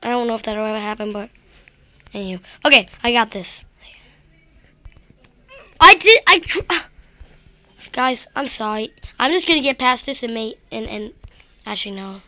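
A woman's voice: fairly high pitch, a little fast, sharp tone, no echo. A woman giving rambling, self-deprecating gameplay commentary straight to her viewers. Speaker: gaming video creator.

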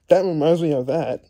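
A young man vlogging to his viewers, tearful and halting, repeating words and restarting often. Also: on the high side, mellow. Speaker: YouTuber. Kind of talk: emotional vlog talk to viewers.

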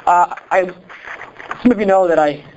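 A pastor from Iowa with a Midwestern accent, preaching a sermon in an animated, conversational way full of rhetorical questions. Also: male voice, sits high, moderate pace, lo-fi sound, a little hiss or hum. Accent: Midwestern American.

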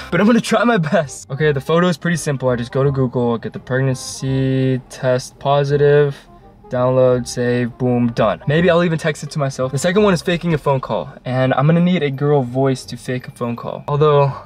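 A man's voice: medium pitch, brisk, darkish tone. A young man narrating a prank vlog casually, chatty and self-mocking. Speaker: vlogger. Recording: faint background music.

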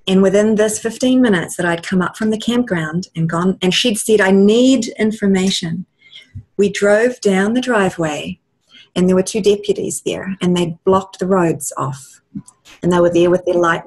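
A woman guest on a video-call interview, telling a personal story in a lively way and laughing often. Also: fairly low pitch, breathy edge. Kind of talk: casual storytelling.

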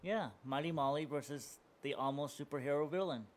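A man's voice: fairly high pitch, brisk, slight background noise. A man co-hosting a wrestling podcast, upbeat and agreeable. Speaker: podcast co-host. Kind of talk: casual wrestling chat.

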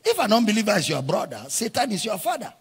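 A male pastor preaching a sermon, often shouting his lines and stretching words out for emphasis. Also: high voice, wildly swooping pitch, breathy edge. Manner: drawn-out emphatic phrasing.

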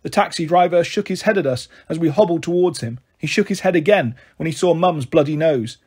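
Husky-voiced man reading a novel aloud. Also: a little high, brisk, darkish tone. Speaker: storyteller.

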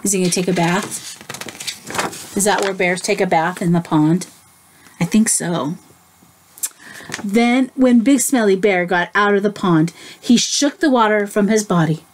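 A woman teacher reading a picture book aloud to children, gently stopping to ask them questions. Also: mid-range voice, a little hiss or hum. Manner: slow, gentle, asks the listeners questions. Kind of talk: children's story read-aloud.

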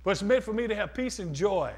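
A male pastor, preaching a sermon in call-and-response style, swinging from shouts to hushed words. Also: sits high, lively intonation, quick pace, breathy edge.

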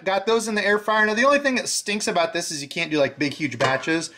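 Bright-voiced man joking through a kitchen vlog. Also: sits high, fast talker, slight background noise. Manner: loose, joking, talks while he cooks. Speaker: fishing channel host. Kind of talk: casual cooking vlog narration. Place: home kitchen.

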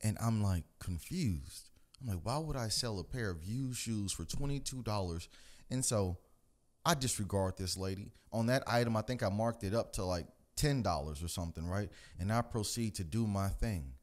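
A man from the United States, hosting his own channel, telling a story in a loud, animated, profane rant. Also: normal speed. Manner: animated and profane, mimics people in higher voices. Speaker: host of a commentary channel.

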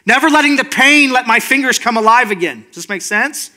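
A man's voice: very high-pitched, animated, brisk, sharp tone. A male pastor giving a casual, earnest sermon, often checking in with his listeners. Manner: informal, earnest, checks in with "right?". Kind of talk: conversational sermon.

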